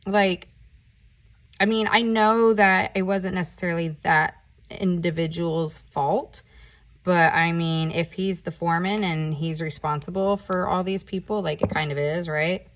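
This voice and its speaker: A woman vlogger chatting casually while doing her nails, telling a story in an animated, ranting way and swearing often. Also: on the low side, a little slow. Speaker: nail art vlogger.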